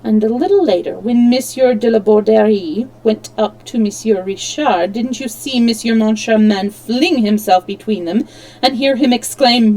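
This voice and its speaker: Woman streamer reading a book out loud, lively delivery, trips over a word here and there and fixes it. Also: on the high side, normal speed, rough recording. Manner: expressive reading with slips and self-corrections. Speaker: storyteller. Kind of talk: reading a novel aloud on a livestream.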